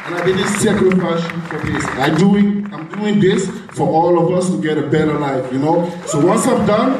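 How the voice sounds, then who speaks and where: A man's voice: on the high side, normal speed, crowd noise. A man with a Brooklyn accent, a bodybuilding competitor speaking emotionally and rambling at a press conference. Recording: echoey hall from far off, noisy.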